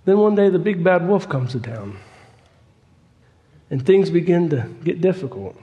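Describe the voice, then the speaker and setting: A man's voice: fairly high pitch, sing-song, normal speed, in a large hall, lo-fi sound. A man preaching a storytelling sermon in a folksy, repetitive and emphatic way.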